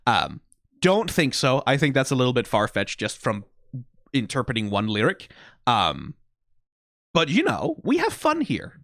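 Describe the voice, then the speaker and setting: A man casually reviewing songs, animated and quick to laugh, who swears freely. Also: mid-range voice, no echo. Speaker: song reviewer. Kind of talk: casual commentary.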